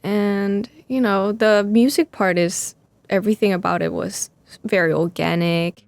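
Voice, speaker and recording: A young woman speaking as an interview guest, soft-spoken and halting, searching for her words. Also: mid-range voice, steady tone, no room sound. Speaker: musician guest. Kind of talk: casual interview chat.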